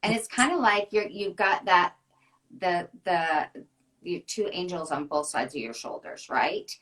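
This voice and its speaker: A woman's voice: lowish voice, unhurried, a bit bright. A woman hosting a live video-call interview, enthusiastic and affirming toward her guest. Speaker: host.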